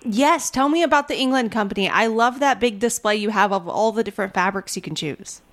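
A woman's voice: medium pitch, brisk, a bit bright. A woman hosting a sponsored radio interview, upbeat and promotional.

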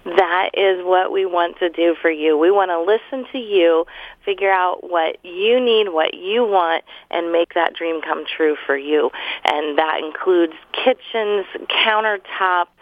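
A woman, a store owner giving a friendly sales pitch in a promotional interview, listing products and prices. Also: unhurried, dry recording. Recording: phone line, very dry.

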